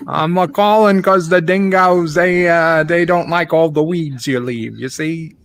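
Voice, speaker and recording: A man playing a crude caller, rambling, slow, higher pitched, brash slangy drawl. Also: fairly bright tone, smooth, no echo. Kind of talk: comic prank-call bit.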